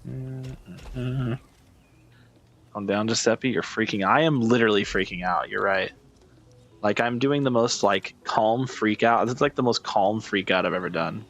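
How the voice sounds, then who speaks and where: A gaming streamer with a fairly low, slightly bright voice speaks at normal speed. Giving casual gameplay commentary, he mutters in frustration, swears, and calls himself an idiot as he plays.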